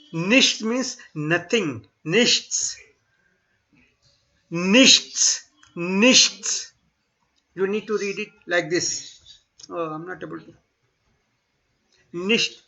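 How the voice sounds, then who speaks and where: A man teaching a German class online, speaking slowly and repeating words for students to echo. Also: high-pitched, gravelly, sharp tone. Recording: dull lo-fi online class audio.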